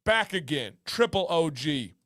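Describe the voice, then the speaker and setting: A man's voice: fairly high pitch, big pitch swings, a little slow, fairly bright tone, no room sound, studio quality. A man hosting a livestream giveaway, playfully hyping up viewers, reading chat names aloud and breaking into sing-song chants. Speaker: livestream host.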